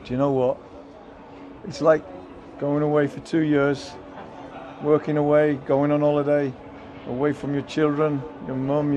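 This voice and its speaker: A man's voice: a little high, lo-fi sound. An older man, a former footballer, giving a heartfelt, emotional interview outdoors at a stadium, piling up phrases with many ums.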